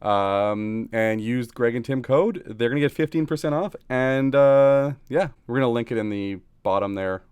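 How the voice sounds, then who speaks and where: An easygoing man co-hosts a podcast and chats casually, laughing easily. His voice is smooth and resonant, heard close and dry with no room around it. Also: medium pitch, normal speed, few pauses, darkish tone, no echo. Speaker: podcast co-host. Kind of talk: casual chat, reading a sponsor plug.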